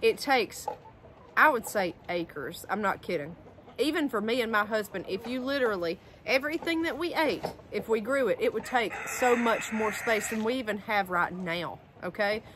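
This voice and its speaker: A woman's voice: a little high, lively intonation, moderate pace, noisy background. A woman, talking outdoors in a casual homestead vlog and repeating words for emphasis. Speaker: homestead vlogger. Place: outdoors by a garden with chickens. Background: chickens and roosters.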